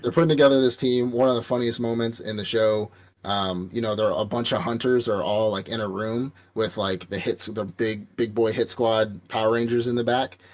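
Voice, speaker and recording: A man's voice: fairly low pitch, fairly even intonation, fairly quick. A man casually recapping an anime on a podcast, rambling and profane, acting out quotes from the characters. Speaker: podcast co-host. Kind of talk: casual anime review chat.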